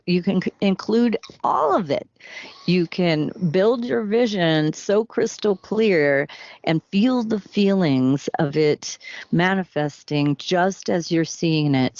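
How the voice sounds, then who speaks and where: A woman who works as a relationship coach, speaking in a slow, earnest coaching style on a podcast. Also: on the low side, darkish tone, dry recording. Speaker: soulmate coach. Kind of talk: podcast interview. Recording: dry, dull lo-fi sound.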